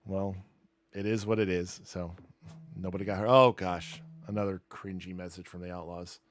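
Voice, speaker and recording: A man's voice: low-pitched, little pitch movement, normal speed. A man streaming a dirt racing game, talking casually and wryly through results and car setup, mocking himself as he goes. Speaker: gaming streamer. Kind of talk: casual live gameplay commentary.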